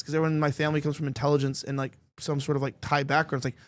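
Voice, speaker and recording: A man's voice: fairly high pitch, steady tone, very fast. A young man hosting a podcast in casual chat, rambling and filling his talk with "like". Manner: rambling, heavy use of "like". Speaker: podcast host.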